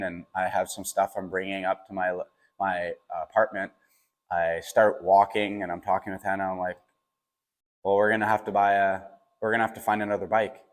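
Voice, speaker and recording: A young man telling a personal story in a casual, animated way, with lots of fillers and quoted dialogue. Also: lowish voice.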